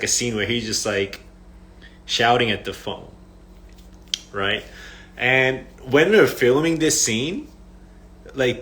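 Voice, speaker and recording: A man's voice: medium pitch, fairly bright tone. A young man chatting casually to fans on a phone livestream, rambling through stories with lots of fillers and frequent laughs. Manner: rambling storyteller, heavy "like" fillers, laughs often.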